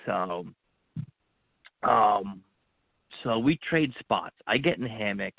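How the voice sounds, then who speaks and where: Over a thin, phone-like line with no room sound at all, a male podcast guest with a lowish, gravelly voice tells a personal story in earnest. He speaks slowly with lively intonation, breaking into the words he said to himself as if reliving them, and the recording is dry.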